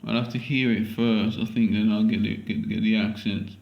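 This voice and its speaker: A man's voice: on the low side, little pitch movement, normal speed, vocal fry, reverberant, highs cut off. A man with a London accent recording a casual audition at home, hesitant and repeating himself as he muses aloud.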